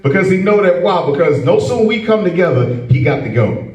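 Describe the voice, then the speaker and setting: A man with a high voice preaches in an echoey room, heard from some distance off the mic. He hammers each point home, tagging lines with "man" and "okay?", and drops mocking asides to his class. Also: very animated, brisk, a little mellow. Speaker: preacher leading a scripture class. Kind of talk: informal preaching.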